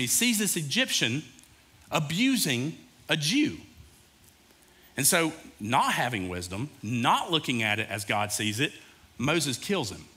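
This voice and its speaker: A man's voice: on the high side, bright, forceful tone. A male pastor preaching a sermon in a casual, conversational way, talking directly to his congregation.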